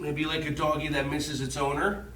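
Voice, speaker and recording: High-voiced, gentle man teaching kids yoga. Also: sing-song, normal speed, gravelly. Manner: gentle, encouraging, playful. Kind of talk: guided children's yoga lesson. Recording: echoey room, mic at a distance.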